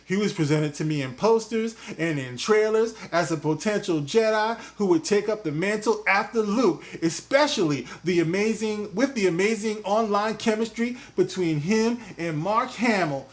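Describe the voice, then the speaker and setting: A man voicing an exaggerated, sassy woman in a mocking falsetto with drawn-out words. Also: fairly bright tone. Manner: drawn-out mocking falsetto, calls listener "girl".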